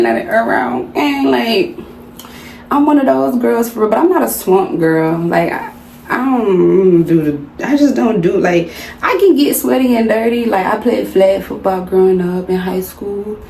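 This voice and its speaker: A young woman from the American South talks in a loose, slangy way, calling her viewers y'all. Her voice sits at an ordinary pitch for a woman. The room around her sounds roomy, with a faint hiss under everything. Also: vocal fry, warm tone. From Southern United States. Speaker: vlogger. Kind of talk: casual chit-chat vlog. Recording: roomy home recording with faint background noise.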